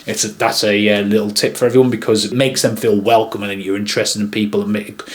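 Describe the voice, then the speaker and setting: Talking to camera about a story, this man, a wedding videographer, wanders chattily and pauses often. His pitch is fairly low and his delivery flat.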